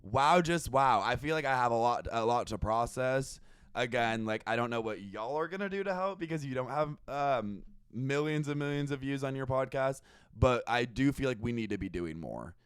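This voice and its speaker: A man's voice: mid-range voice, normal speed, smooth, no room sound, studio quality. A young adult man hosting a podcast, chatting casually in a sarcastic, profane, gossipy way. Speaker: podcast host. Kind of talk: casual comedic chat.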